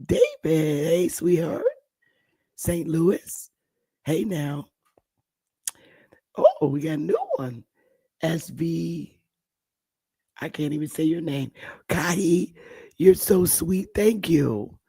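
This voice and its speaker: Hoarse, gravelly woman talking softly. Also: sits low, lively intonation, takes it slowly, long pauses, dry recording. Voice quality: gravelly, husky. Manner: talks softly, greets viewers by name. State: hoarse, voice still recovering. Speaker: livestream host. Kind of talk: casual livestream chat.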